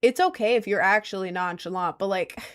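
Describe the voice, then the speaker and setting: With a medium-pitched, fairly bright voice and a slightly quick pace, a young woman in her late teens talks casually to viewers through a headset mic. She's chatty and rambling, leans on "like" a lot, and laughs at herself.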